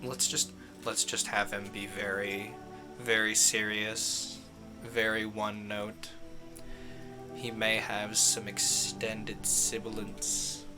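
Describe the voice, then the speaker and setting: A man's voice: fairly low pitch, monotone, slow, music in the background. A man streaming a game, rambling casually and chuckling at his own jokes. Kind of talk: casual gameplay commentary.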